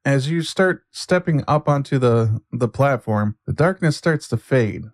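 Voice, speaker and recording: Male game master, mid pitch, unhurried scene narration, dry close sound. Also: lively intonation, no echo. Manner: slow, deliberate scene narration with hesitant fillers.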